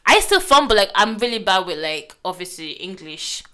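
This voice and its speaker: A young woman with a Nigerian accent, chatting casually and quickly with lots of fillers. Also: mid-range voice, sing-song, bright, forceful tone, clear, resonant tone. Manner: fast-talking, lots of fillers. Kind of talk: casual chat.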